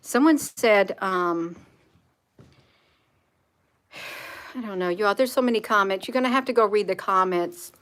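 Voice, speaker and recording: Earnest bright-voiced woman. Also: mid-range voice, measured pace, pauses often. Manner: repetitive, earnest, reads chat comments aloud. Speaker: spiritual vlogger. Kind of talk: live-stream monologue.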